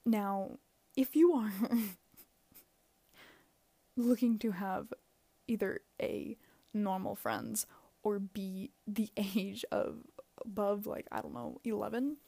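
A woman's voice: mid-range voice, creaky, dark tone, no room sound. A young woman hosting a casual solo advice podcast, rambling and self-mocking, with lots of "like" and frequent laughter. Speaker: podcast host.

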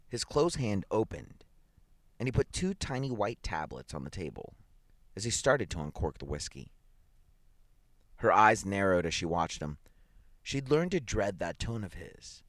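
A man reading a dramatic short story aloud in an expressive, measured way. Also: low-pitched, no room sound, clean studio sound. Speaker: story reader.

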